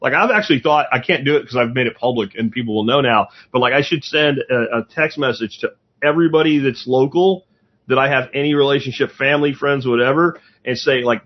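A man's voice: medium pitch, a little fast, muffled recording. A man talking in a blunt, rambling, profane way in a casual podcast chat.

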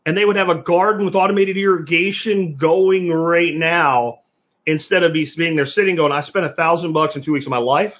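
A man's voice: a little high, brisk, highs cut off. A man hosting a casual live-stream podcast, talking bluntly with lots of swearing. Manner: blunt, profane ranting. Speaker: podcast host.

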